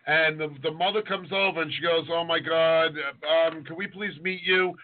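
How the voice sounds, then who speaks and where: An easygoing man co-hosting a casual podcast and laughing often. His voice is a bit higher than most men's. The audio is narrow and lo-fi, like a phone line. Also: steady tone, moderate pace, slight background noise. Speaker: co-host and chef.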